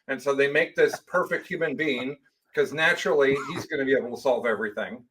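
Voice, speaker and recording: A playful, sarcastic man chatting casually as a podcast co-host. His voice sits a touch higher than most men's, and he keeps slipping into quick mock voices for the people he quotes. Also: a bit bright, slight background noise, low-quality recording. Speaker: podcast co-host recapping lore. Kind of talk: casual chat.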